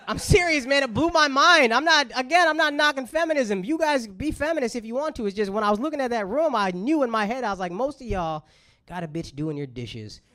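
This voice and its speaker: A man doing stand-up comedy in a brash, profane, animated way before a live crowd. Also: very high-pitched, fairly quick, noisy background. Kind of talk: stand-up set. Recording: echoey club with loud crowd.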